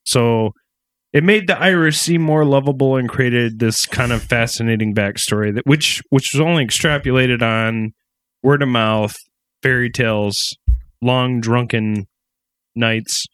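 A man's voice: mid-range voice, unhurried, a bit bright, no room sound. A man hosting a comedy podcast, rambling and giggly, poking fun at himself as he tells folklore. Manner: rambling, giggly, self-deprecating. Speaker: podcast host. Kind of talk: casual comedic podcast chat.

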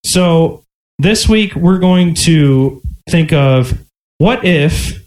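A man's voice: on the high side, lively intonation, extremely slow, a little mellow, poor audio. A man hosting a casual podcast, explaining the segment in a stop-and-start way. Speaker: podcast host. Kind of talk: casual chat.

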